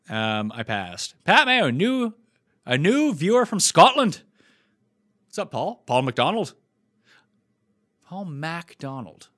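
Hosting a casual live stream, this Nova Scotia man talks bluntly, jokes and rambles. His voice is on the high side and a bit bright.

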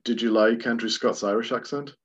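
A man's voice: medium pitch, fairly even intonation, brisk. A man co-hosting a podcast, talking about films in a chatty, rambling way and laughing often. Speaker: podcast co-host. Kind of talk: casual film discussion. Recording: slightly dull lo-fi sound.

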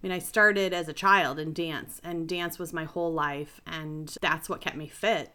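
Middle-aged female guest, low bright voice, rambling and self-deprecating storyteller. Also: steady tone, moderate pace, clear, resonant tone. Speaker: podcast guest, health and life coach. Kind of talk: casual interview storytelling.

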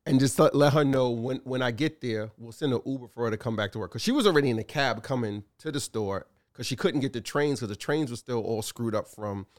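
A man co-hosting a casual talk show, telling animated stories with lots of fillers and acted-out quotes. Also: mid-range voice, a little fast, few pauses. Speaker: co-host, store owner. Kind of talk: casual chat.

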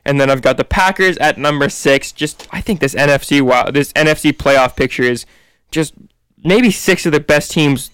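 Smooth-voiced man hedging his sports picks. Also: fairly high pitch, normal speed, fairly bright tone, no echo. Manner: easygoing, hedging opinions. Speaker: sports podcast co-host. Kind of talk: casual sports debate.

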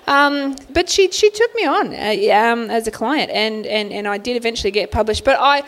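A woman's voice: a little high, lively intonation, normal speed, few pauses, a bit bright. A woman, an author chatting on a panel, telling anecdotes with lots of laughter. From Australia. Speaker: author guest. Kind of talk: casual storytelling on a panel.

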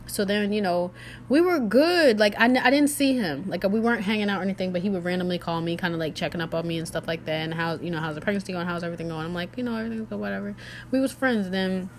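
A young woman tells a personal story casually to her viewers. She is animated, full of fillers, and drops into a lower voice when she quotes others. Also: fast, a little hiss or hum.

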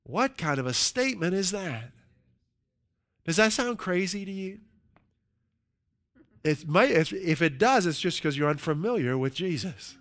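A male pastor delivers a sermon with a fairly high-pitched voice. He speaks emphatically, drawing out quoted verses slowly for weight and checking in with the congregation with a frequent "right?". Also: sing-song, fairly bright tone. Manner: emphatic, slows for scripture quotes, asks "right?" often.

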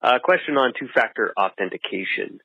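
A man's voice: lowish voice, lively intonation, a little fast, vocal fry, slightly rough, dry recording. Hesitant male caller on a tinny phone line. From California. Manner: hesitant, with many uh fillers. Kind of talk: voicemail question.

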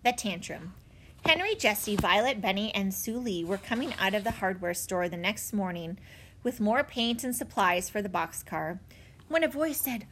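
A woman narrating a children's audiobook in an expressive storytelling manner. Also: mid-range voice, normal speed. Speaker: audiobook reader.

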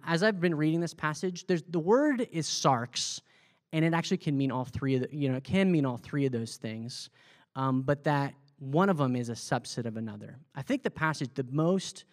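A man, a pastor, teaching a Bible study in a conversational way, asking the group questions and repeating their answers back. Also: medium pitch. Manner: loose, with fillers and restarts. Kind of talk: interactive sermon teaching.

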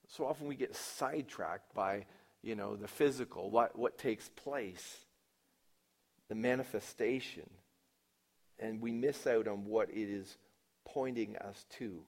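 A man preaching a sermon, asking his listeners questions and acting out quoted lines, with wide swings from loud emphatic lines to low quiet asides. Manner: asks the congregation questions and acts out quoted lines. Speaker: pastor.

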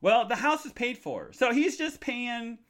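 A man hosting a live podcast, rambling with lots of fillers and restarts, excitable and bursting into joyful shouts. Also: very high-pitched, unhurried. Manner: excitable, shouts and squeals with joy. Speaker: podcast host.

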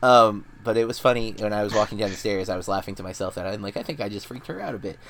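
A man's voice: fairly low pitch, fast, background noise. A man in his thirties, a podcast co-host telling rambling, self-deprecating stories in casual chat.

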